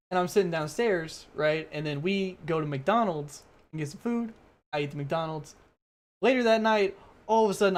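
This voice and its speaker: Laid-back man telling a profane story. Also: high voice. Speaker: podcast co-host. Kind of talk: casual chat.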